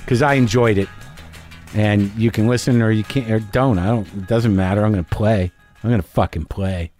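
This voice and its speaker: A man's voice: fairly low pitch, moderate pace, faint music behind. Laid-back male podcast host. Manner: relaxed, brief backchannel replies. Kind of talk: casual interview chat.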